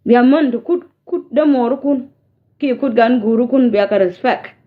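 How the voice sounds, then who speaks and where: Woman from South Sudan, fairly high voice, scolding vlog rant, code-switching, thin phone-line audio. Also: normal speed. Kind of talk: direct-to-camera rant.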